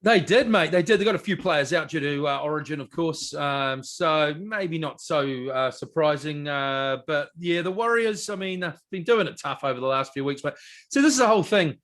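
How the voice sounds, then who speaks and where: In easygoing conversation, this sports podcast co-host cusses a lot, laughs readily and speaks with blunt excitement. His voice is pitched noticeably high for a man, and his pace is moderate.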